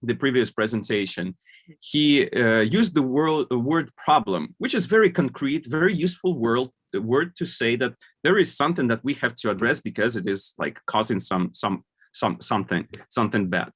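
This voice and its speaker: A man's voice: medium pitch, lively intonation, moderate pace, fairly bright tone, slightly rough. A man giving an online conference talk, explaining points with many fillers and restarts. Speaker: conference speaker.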